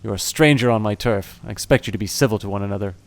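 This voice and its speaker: A man voicing a small, fierce female orc who works as a nanny, speaking in a brisk, scolding way. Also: on the low side, gravelly. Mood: stern.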